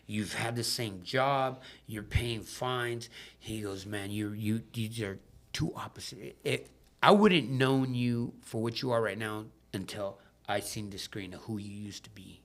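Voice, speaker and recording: Unhurried and fairly low-voiced, this Southern California man is on a podcast talking about his recovery through a personal story. The talk is relaxed and profane, and he acts out each person in it with their own voice.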